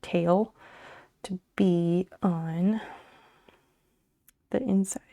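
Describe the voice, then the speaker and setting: A woman's voice: fairly low pitch, steady tone, extremely slow, gravelly, mellow. A woman streamer chatting casually with her viewers while she crochets, muttering and swearing under her breath as she works. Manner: chats back to viewers' messages.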